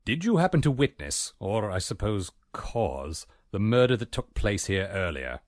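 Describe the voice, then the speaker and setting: A man's voice: on the low side, very animated, moderate pace, no room sound. An actor voicing a prim, formal male butler with dry, polite delivery. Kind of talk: video game voice acting.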